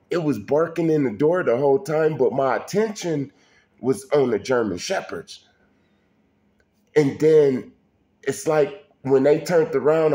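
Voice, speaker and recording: Slow-talking man telling a story. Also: a little high, mellow. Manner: colloquial, addresses listener directly, frequent restarts. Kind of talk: casual personal storytelling.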